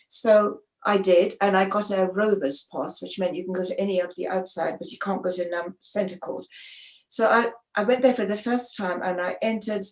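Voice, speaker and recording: A woman, a sports photographer, telling stories in a conversational interview, animated and often restarting her sentences. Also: mid-range voice, normal speed. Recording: roomy echo.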